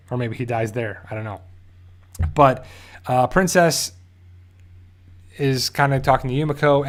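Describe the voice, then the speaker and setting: Male reviewer at an everyday mid pitch, loosely talking through an episode recap and correcting himself along the way. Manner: rambling, self-correcting, loosely paraphrases scenes. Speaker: TV show reviewer.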